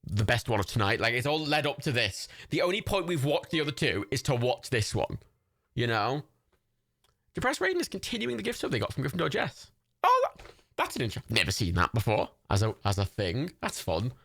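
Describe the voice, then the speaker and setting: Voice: medium pitch, wildly swooping pitch, fairly quick, fairly bright tone, no room sound, clean studio sound. A young adult streamer hosting a watch party, chatting casually, reading out chat and gifts, swearing freely and laughing often.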